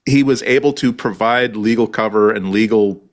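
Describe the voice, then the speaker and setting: A man's voice: lowish voice, normal speed. A man co-hosting a casual tech podcast, talking in long rambling runs with many restarts. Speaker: podcast co-host.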